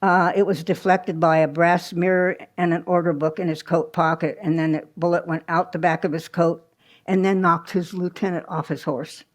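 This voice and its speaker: A woman presents a history program to a live audience at a small museum. Her voice sits on the lower side, and she tells the story conversationally, stopping for asides and little restarts. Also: level tone, normal speed.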